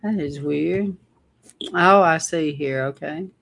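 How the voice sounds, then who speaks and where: Gravelly man chatting to viewers. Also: on the high side, slow, a bit bright. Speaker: online show host. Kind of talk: casual commentary.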